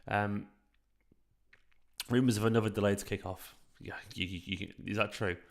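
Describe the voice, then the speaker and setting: A man in his thirties hosting a late-night live stream from home into a microphone, talking in a hushed, half-whispered way, with a raspy voice. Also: fairly low pitch, fairly even intonation, normal speed. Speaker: fan channel host streaming a match watchalong. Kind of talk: casual live chat with viewers.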